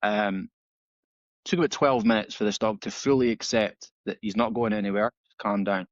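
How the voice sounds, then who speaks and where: A man, a dog trainer guest on a podcast, telling stories in a casual, animated way and acting out the dialogue with many restarts. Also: fairly low pitch, moderate pace, no room sound. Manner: animated storytelling, acts out dialogue with frequent restarts. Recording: slightly dull, dry audio.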